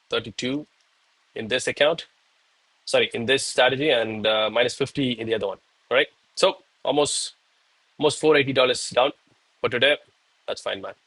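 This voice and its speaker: A man's voice: mid-range voice, fairly bright tone, no room sound, rough recording. A young man chatting casually with viewers on a live trading stream, breathless and hyped between sets of push-ups.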